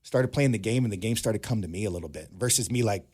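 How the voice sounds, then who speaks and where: A man in his thirties, a former pro ballplayer, telling animated anecdotes in a casual interview. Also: fairly low pitch, quick pace, slightly rough. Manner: animated anecdotes, acts out quoted dialogue. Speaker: former pro baseball player, guest.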